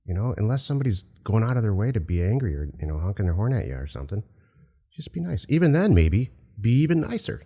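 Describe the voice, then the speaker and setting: A man hosting a business podcast, chatting in a relaxed, encouraging way with light jokes. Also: lowish voice, fast, long reverb tail. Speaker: podcast host. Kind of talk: casual chat.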